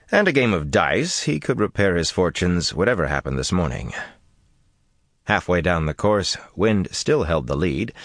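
A man narrating a fantasy audiobook with expressive, dramatic delivery. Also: low voice, dry recording, studio quality.

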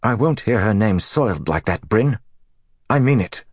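A man's voice: deep voice, sing-song, fairly quick, husky, no echo, studio quality, voice pushed up, exaggerated voice. A man voicing a proud, hot-tempered young prince who speaks tensely and defiantly. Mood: furious. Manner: tense, defiant, raising his voice.

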